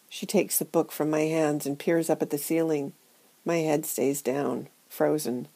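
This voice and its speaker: A woman reading a first-person novel aloud in a hushed, intimate, measured way. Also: sits low, steady tone, rough recording. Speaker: audiobook narrator. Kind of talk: first-person literary narration.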